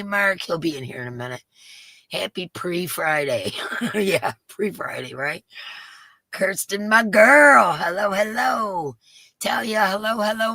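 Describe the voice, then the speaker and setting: Craft livestream host, woman, low and gravelly, dry close sound, chatty and warm with viewers. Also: no echo. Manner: chatty, greets viewers by name, laughs often. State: voice rough today. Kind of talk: casual livestream chat. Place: home craft room.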